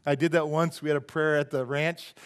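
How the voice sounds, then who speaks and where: A man's voice: fairly high pitch, steady tone, fairly quick, smooth. A middle-aged man preaching a sermon as pastor, conversational and joking, often asking the congregation questions.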